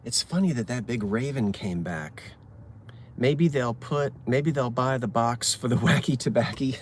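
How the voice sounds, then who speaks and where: A man's voice: mid-range voice, a little slow, a little hiss or hum. A man chatting casually and reading out corny jokes, poking fun at himself and tripping over words. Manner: chatty, self-mocking, stumbles over words. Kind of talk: casual chat from a parked car. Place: inside a car.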